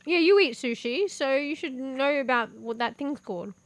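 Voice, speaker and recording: A woman's voice: sits high, animated, moderate pace, no echo. A young woman streaming as a VTuber, chatting casually while eating, swearing freely and laughing often. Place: home room with a fan.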